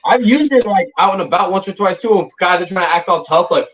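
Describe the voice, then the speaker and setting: An MMA fighter guest-hosts a podcast, chatting in an easygoing, agreeable way. His fairly high voice sounds distant and dull, set back from a remote mic. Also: quick pace, few pauses, fairly bright tone, a little hiss or hum. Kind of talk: casual chat.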